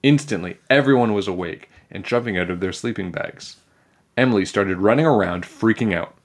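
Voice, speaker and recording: A man reading a children's chapter book aloud in a playful, animated way. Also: lowish voice, a little fast. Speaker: storybook reader.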